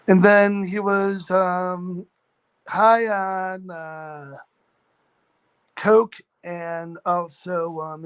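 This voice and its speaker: High-voiced man telling a workplace story. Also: smooth. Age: 40s. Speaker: chat room participant. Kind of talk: casual storytelling.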